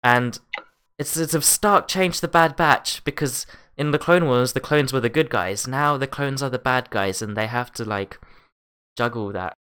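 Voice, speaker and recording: A man with a New Zealand accent co-hosting a casual chat, talking in a relaxed way with many fillers and restarts. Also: mid-range voice, moderate pace, clean tone.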